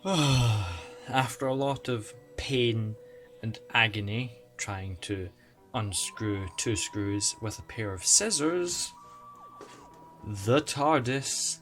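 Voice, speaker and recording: A man with an excitable, chatty manner and self-mocking asides, giving casual unboxing commentary as a toy collector vlogger. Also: on the low side, slow. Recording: music playing underneath. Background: background music.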